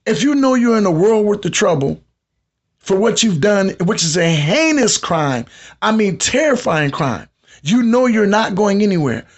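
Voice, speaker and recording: High-voiced man hosting a podcast. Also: sing-song, normal speed. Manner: preachy, conversational, lectures listeners directly. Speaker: podcast host. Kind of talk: live podcast commentary.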